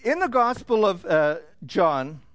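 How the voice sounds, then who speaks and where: A man with a high-pitched voice preaching a sermon in an easy, joking manner. He drops in frequent fillers and slows down on key words. The sound is dry and close, with no room echo. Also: big pitch swings, a bit bright. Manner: conversational and joking, with frequent fillers and slowed emphasis. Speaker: pastor.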